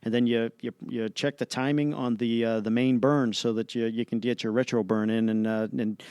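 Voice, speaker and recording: Guy on a podcast telling a big animated story, smooth resonant voice, dry close mic, lots of uh and you know. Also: medium pitch, normal speed, no room sound. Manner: animated, vivid play-by-play with many fillers. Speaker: astronaut guest. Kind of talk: casual storytelling in an interview.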